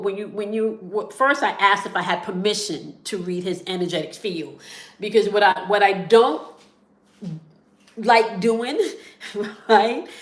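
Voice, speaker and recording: Give me a low-voiced woman telling a story in an echoey room. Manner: conversational, checks in with "okay?" and "right?"; drops to soft whispers at emotional moments. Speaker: spiritual reader sharing a story. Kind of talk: casual storytelling to viewers.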